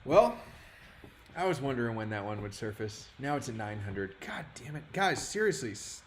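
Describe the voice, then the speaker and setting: A man's voice: mid-range voice, sing-song, moderate pace. Casual streamer guy in his thirties, chatty and self-mocking, faint noise behind. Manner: frustrated, rambling, self-deprecating. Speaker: livestream host. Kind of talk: casual livestream chat.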